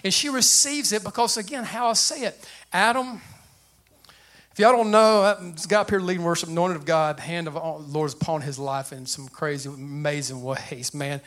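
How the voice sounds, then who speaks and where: An older man preaching with a high voice that sits well above most men's. His tone is bright and forceful, and he talks in a lively, plain way to his congregation. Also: normal speed. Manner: animated preacher with a light, high voice and plain speech. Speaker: pastor. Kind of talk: sermon.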